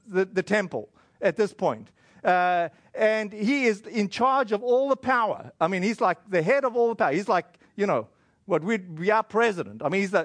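A man, giving a casual, conversational sermon that retells a scripture story, with fillers and quick acted asides. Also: sits high, no room sound. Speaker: preacher.

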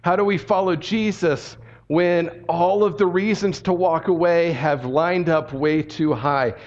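A male pastor preaching a sermon in an animated, conversational storytelling manner. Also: a little high, lo-fi sound.

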